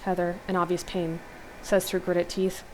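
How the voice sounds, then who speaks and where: A woman host reading an interactive horror novel aloud, steady narration with exclaimed asides. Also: on the low side, normal speed, a little hiss or hum. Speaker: let's play host.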